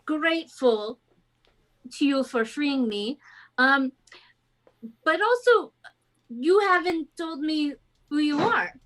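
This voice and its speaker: Lady doing a flustered little half-elf captain guy, vaguely french accent, high and slow, keeps stammering. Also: expressive, a bit bright, heavily acted. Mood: indignant. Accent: vaguely French, put on. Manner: polite, hesitant, stammering. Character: short petite half-elf male ship captain, flustered.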